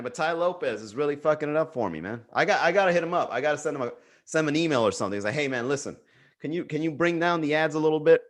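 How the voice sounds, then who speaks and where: Man ranting casually on a livestream. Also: medium pitch. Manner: animated, profane ranting, reads chat aloud. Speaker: livestream comedy host.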